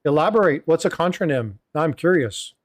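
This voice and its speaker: A man's voice: on the high side, animated, fairly quick, dry recording, studio quality. A middle-aged man hosting a casual livestream chat, rambling with many fillers and asides. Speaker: host.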